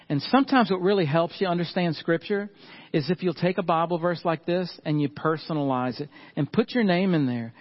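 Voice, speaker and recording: A middle-aged man, preaching a sermon earnestly and slowing down and softening on key points. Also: on the high side, lo-fi sound. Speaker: pastor.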